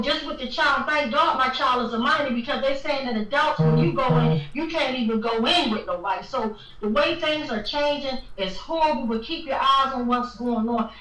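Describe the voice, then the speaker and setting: A high, bright-voiced woman vents with fiery emphasis as she hosts a livestream. She sits back from the mic, and her voice rings in an echoey room. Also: recorded from a distance. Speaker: livestream host. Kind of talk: impassioned livestream talk.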